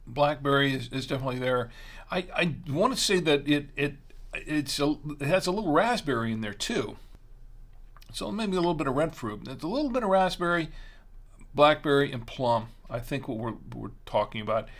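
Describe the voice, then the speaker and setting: A middle-aged man hosting a wine tasting show, chatting casually and haltingly, sometimes talking while chewing. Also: fairly high pitch, animated.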